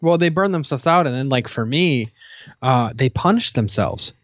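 A man's voice: mid-range voice, moderate pace, lo-fi sound. A man co-hosting a podcast in casual chat, telling stories animatedly and acting out quotes. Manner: animated storytelling, acts out quotes, many fillers. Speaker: podcast co-host.

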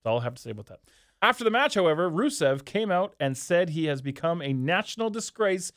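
A man's voice: on the high side, sing-song, fast, fairly bright tone, no room sound, clean studio sound. A man co-hosting a podcast in loose, profane, joking chat. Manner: loose, profane, jokey banter. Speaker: podcast co-host. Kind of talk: casual chat.

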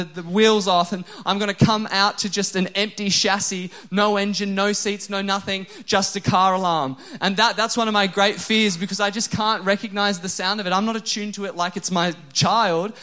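A young adult male pastor delivers a relaxed, joking sermon. His voice sits fairly high for a man, and he is quick to poke fun at himself, peppering his talk with "like" before turning earnest. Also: smooth. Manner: casual, self-mocking humor with frequent "like" fillers.

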